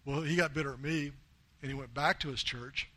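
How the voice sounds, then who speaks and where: A man's voice: mid-range voice, fairly even intonation, a little fast, bright, forceful tone. Earnest American man preaching. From United States. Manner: earnest storytelling, quoting others in plain voice. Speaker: missionary preacher. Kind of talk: sermon.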